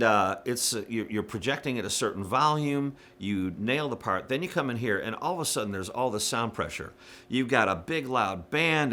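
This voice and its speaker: Here a male worship music director gives church singers casual, straightforward instruction, peppered with fillers and quick demonstrations. He speaks at a medium pitch, and his tone is bright and forceful.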